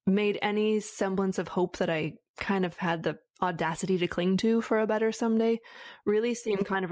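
A woman's voice: mid-range voice, a little mellow, dry recording. A woman coach speaks in a mid-range voice. She tells her story in an earnest, reflective, flowing way. The recording is dry and close. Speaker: life coach for widows. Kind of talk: conversational interview answers.

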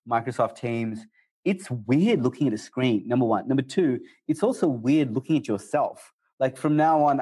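A man answering interview questions about communication in a conversational way, jumping up in pitch for quoted asides. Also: darkish tone. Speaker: guest speaker on communication.

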